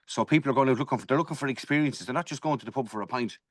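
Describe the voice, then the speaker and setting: A man's voice: mid-range voice, very fast, no echo. An Irish man co-hosting a podcast, chatting casually, swearing freely and telling stories with energy. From Ireland. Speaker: podcast co-host, martial arts black belt. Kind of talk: casual chat.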